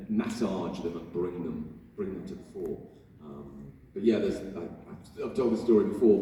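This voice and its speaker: A man's voice: sits low, warm tone, a little hiss or hum. A man answering questions on a convention panel, playful and self-mocking, telling anecdotes and laughing often. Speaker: actor, guest on a convention panel. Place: large convention hall with audience. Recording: echoey convention hall from far off.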